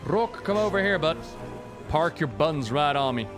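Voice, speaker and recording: A man with a slightly high voice streams a game and rambles through its lore. He jokes and swears casually as he plays. Quiet game music runs behind him. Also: expressive, moderate pace. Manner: chatty, joking, swears casually. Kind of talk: casual lore commentary while playing.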